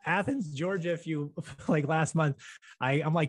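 A man with a high voice trading wisecracks in casual chat. He jokes easily and laughs through his own lines. The sound is dry and close to the mic. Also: no room sound. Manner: joking, quick with wisecracks.

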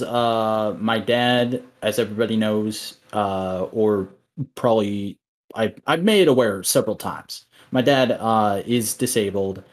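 A man co-hosting a podcast, rambling along in a casual, joking, profane way. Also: mid-range voice. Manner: rambling, profane, self-mocking. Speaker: podcast co-host.

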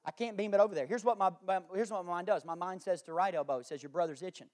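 A man preaching a sermon as pastor, talking folksy and conversational with homespun examples, then repeating lines as he builds to loud, emphatic declarations. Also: high-pitched, fast.

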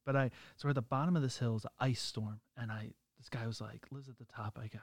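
A man co-hosting a podcast, telling a story in an animated way and laughing often. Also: medium pitch, fast talker, few pauses, no echo. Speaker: podcast co-host. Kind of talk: casual storytelling.

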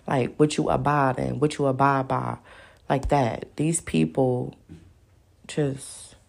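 A woman's voice: very deep voice, steady tone, measured pace, vocal fry, a little mellow. A woman, telling a story in a blunt, profane rant and acting out other people's lines. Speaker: podcast host.

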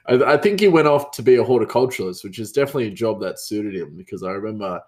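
A man hosting a podcast, telling work stories in a rambling, casual way with many restarts. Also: mid-range voice. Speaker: podcast host. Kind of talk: casual storytelling monologue.

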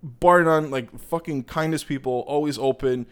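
A man's voice: a little high, moderate pace, clean tone. Heated, swearing Canadian man ranting. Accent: Canadian English. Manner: profane, rambling, heated, digresses often. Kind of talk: casual political rant.

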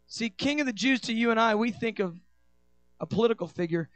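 A pastor preaching a sermon, rushing through quick asides, then slowing and rising into loud, shouted declarations. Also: male voice, sits high, expressive, no room sound, soft background music.

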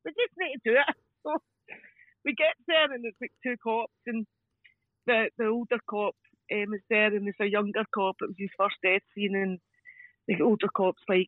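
A Scottish woman telling stories casually as a podcast guest, animated and laughing often as she acts out voices. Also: medium pitch, moderate pace, dry recording. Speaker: podcast guest, crime scene cleaner. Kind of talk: casual storytelling chat. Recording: dull lo-fi dry sound.

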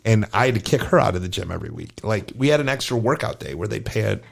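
A middle-aged man, a gymnastics coach co-hosting a podcast, telling lively stories in casual chat and acting out the voices of the people in them. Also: fairly low pitch, quick pace, vocal fry. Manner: animated, acts out quoted voices in his stories.

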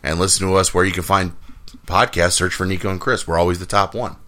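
A man's voice: sits low, fairly even intonation, quick pace, bright, forceful tone. A man co-hosting a casual sports podcast, joking around and laughing often. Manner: laughs often, jokey, does voices from movies. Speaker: podcast co-host.

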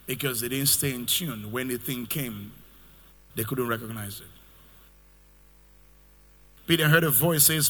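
A man's voice: mid-range voice, a little slow, long pauses, fairly bright tone, in a large hall. A man preaching a sermon as pastor, lifting into sung cadences as he builds his points.

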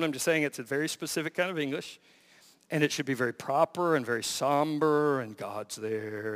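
A man preaching a sermon as pastor, full of rhetorical questions and swinging between loud emphasis and hushed lines. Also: fairly high pitch, big-room sound.

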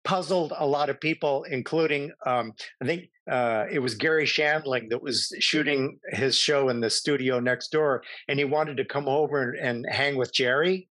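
Middle-aged male guest, animated anecdotal storyteller, dry recording. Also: mid-range voice, moderate pace, hardly any pauses, dry recording. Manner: animated, self-amused anecdotes. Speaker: actor, podcast guest. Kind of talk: casual interview storytelling.

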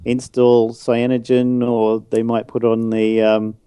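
A man's voice: mid-range voice, completely flat delivery, unhurried, warm tone, clear, resonant tone, dry recording. A man co-hosting a tech podcast, reading news plainly and adding dry quips. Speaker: podcast co-host.

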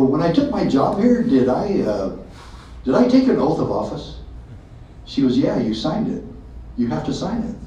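A man telling a story to an audience in a lively way, acting out the dialogue. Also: medium pitch. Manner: animated, acts out dialogue. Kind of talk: storytelling talk. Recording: echoey hall from far off, dull sound.

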